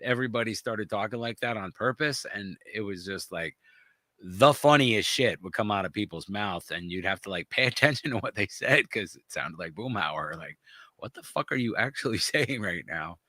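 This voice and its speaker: Bright, dry-voiced laughing man. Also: fairly low pitch, animated, normal speed, no echo. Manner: laughing, profane storyteller. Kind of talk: casual chat.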